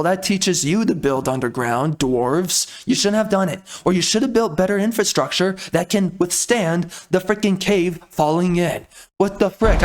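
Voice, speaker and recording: A man with a noticeably high-pitched voice talks over a trailer as a comedic reactor. He sounds exasperated and indignant throughout, firing off mild swears as he rants. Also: slight background noise. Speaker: video reactor.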